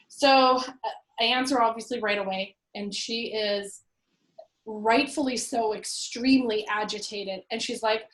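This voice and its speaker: A woman, a real estate investor and landlord, telling an animated story about her rental properties, acting out what people said. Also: medium pitch, moderate pace, roomy sound, low-quality recording. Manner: animated, acts out her own past quotes. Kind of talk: conversational storytelling.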